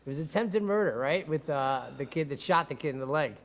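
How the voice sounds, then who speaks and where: A defense attorney and podcast host tells courtroom stories in a casual chat, animated and profane, acting out the quotes. His voice is fairly high and a little fast.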